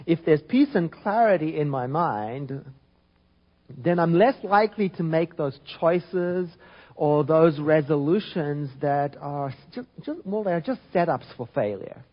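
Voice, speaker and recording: A man giving an informal spiritual talk, reflective and gentle, often restarting and trailing off softly. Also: a little high, lively intonation, unhurried, lo-fi sound. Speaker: spiritual teacher.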